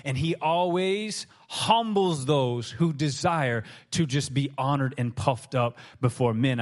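A man preaching a sermon to his congregation, telling stories with lively acted-out quotes. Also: mid-range voice. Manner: animated storytelling, acts out quoted voices. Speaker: pastor.

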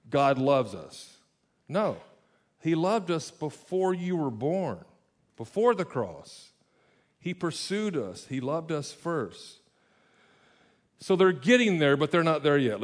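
A man preaching a conversational sermon as pastor, explaining verses with casual asides and self-corrections. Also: a little high.

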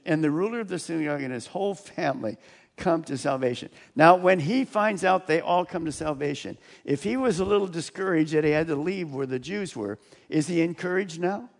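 Male pastor, animated sermon delivery, lively swooping pitch, pitched a bit high. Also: gravelly. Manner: animated, chuckling, acts out quotes.

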